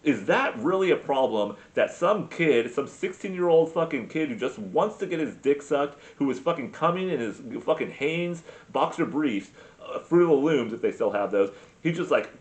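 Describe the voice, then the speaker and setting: A man's voice: fairly high pitch, animated, normal speed. A man ranting crudely in a comic monologue, rambling with many fillers and restarts. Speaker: comedy podcast host. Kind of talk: profane comic rant.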